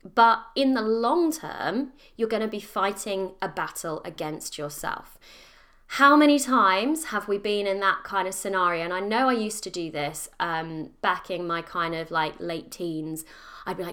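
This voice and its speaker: A woman hosts her solo podcast in an upbeat, chatty way, speaking straight to her listeners. Her voice is bright and forward. Now and then she acts out her own thoughts in a lively way. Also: mid-range voice, a little slow. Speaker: podcast host. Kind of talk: casual solo podcast talk.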